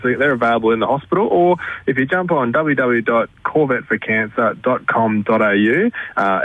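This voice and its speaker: Fast-talking Australian man on a phone line. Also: mid-range voice, dry recording. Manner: earnest and fast, with many restarts. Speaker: hospital fundraising director, guest. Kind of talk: radio interview over the phone. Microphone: telephone. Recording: tinny dry phone line.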